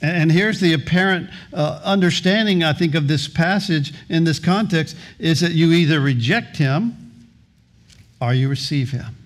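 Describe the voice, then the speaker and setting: A middle-aged male pastor with a fairly high voice delivers a sermon at a moderate pace. He tells a story and acts out the characters' voices, often repeating words as he starts his sentences.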